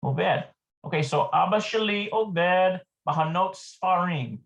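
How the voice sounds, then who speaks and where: Gravelly man talking through a lesson. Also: high voice, fairly bright tone, highs cut off. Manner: thinks aloud, repeats words slowly. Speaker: language teacher. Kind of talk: casual lesson walkthrough.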